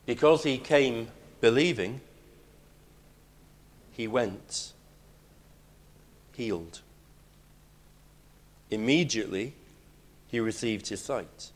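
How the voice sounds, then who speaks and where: A man preaching a sermon, emphatic, moving between loud declarations and hushed lines. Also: medium pitch, slow, long pauses.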